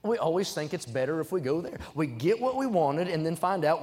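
Young man, preacher, sermon, fairly high voice, emphatic, fervent peaks, church sanctuary, long reverb. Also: expressive, fairly quick, darkish tone. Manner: reads scripture aloud between points.

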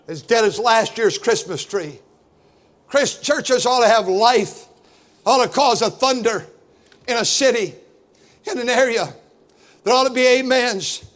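A middle-aged man preaching a fiery sermon as pastor, loud and boisterous, building to shouts. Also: very high-pitched.

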